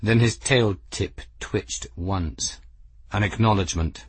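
A man narrating an audiobook in a very low, slow voice with a husky edge. His reading is measured and even, recorded close and dry. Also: no echo.

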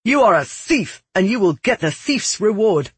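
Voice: mid-range voice, sing-song, normal speed, slightly rough, dry recording, voice pushed up. A narrator voicing a cruel young male noble who sneers and spits out threats in an audiobook. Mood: vicious. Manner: threatening, spitting out taunts. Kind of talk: audiobook character voice.

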